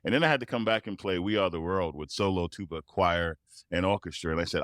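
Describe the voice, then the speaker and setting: A man, a tuba player, telling personal stories as a guest, animated and often laughing. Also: sits low, fast, no echo, clean studio sound. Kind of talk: interview storytelling.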